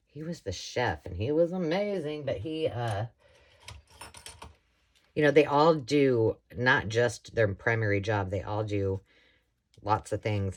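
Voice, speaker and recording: A woman chatting casually and rambling as she works on a craft project, often laughing. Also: extremely low pitch. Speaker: craft vlogger. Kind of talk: casual chat while crafting.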